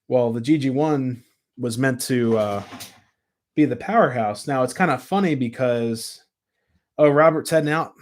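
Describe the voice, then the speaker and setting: A man's voice: medium pitch, a little slow. A chatty man talking live from his home, speaking into a camera mic at his desk. He rambles loosely, trails off with fillers, and breaks off to greet viewers and answer their comments. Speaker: live stream host. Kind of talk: casual live-stream chat. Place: home room with model trains.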